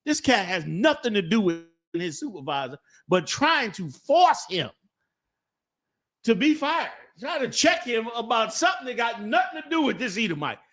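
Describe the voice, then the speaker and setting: A man's voice: very high-pitched, big pitch swings, a bit bright. A man hosting a live stream, giving emphatic commentary on a clip and drawing out his stressed words. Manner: preachy, emphatic, drawn-out stresses. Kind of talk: commentary on a viral video.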